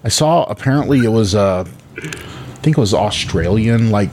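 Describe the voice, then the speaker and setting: A man co-hosting a casual chat show, talking in halting bursts with many restarts. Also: fairly low pitch, animated, darkish tone. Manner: halting, restarts often, drawn-out. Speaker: podcast co-host. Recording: faint background noise.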